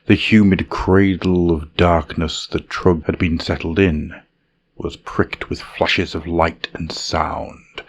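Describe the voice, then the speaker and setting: A man reading a fantasy story in a measured, dramatic narration style. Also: sits low, lo-fi sound, a little hiss or hum.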